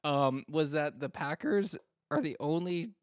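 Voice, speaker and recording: A man's voice: a little high, animated, measured pace, smooth, no echo, clean studio sound. A man co-hosting a casual sports podcast, teasing his co-host, joking, and laughing easily.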